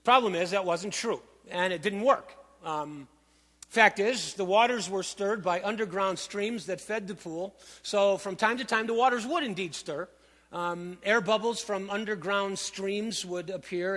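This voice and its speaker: A man preaching a sermon, emphatic and animated, with dramatic asides. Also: high-pitched. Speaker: pastor. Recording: long hall reverb.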